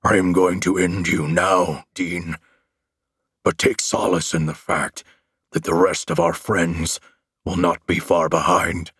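A man voicing a towering, mocking male demon monster with a gravelly growl, speaking slowly in an audiobook reading. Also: low-pitched, flat delivery, fairly bright tone, no room sound, studio quality, exaggerated voice. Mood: taunting. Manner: slow, taunting, deliberate.

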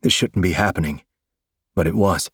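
A man giving dramatic first-person fiction narration in an intense, measured storytelling manner. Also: low-pitched, a bit bright, slightly rough, no echo, studio quality.

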